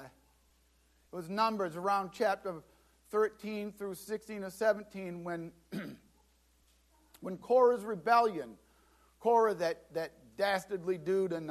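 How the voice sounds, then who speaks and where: A man preaching a sermon as pastor, lively and dramatic, acting out scripture scenes and often repeating words as he restarts. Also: sits high. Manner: animated preaching, acts out Bible scenes.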